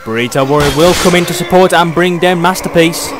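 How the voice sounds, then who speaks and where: A young British man doing excitable play-by-play commentary on a video game match, chuckling often. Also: on the high side, a little fast, music in the background.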